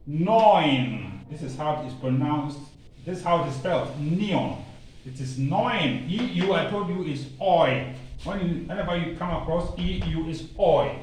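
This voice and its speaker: Ghanaian-accented man, language teacher, fairly high voice, off-mic in a very echoey room. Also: recorded from a distance. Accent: Ghanaian English. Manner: slow, emphatic drilling with repetition and playful asides. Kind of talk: online language lesson. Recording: very echoey room, voice off-mic, faint ambient noise.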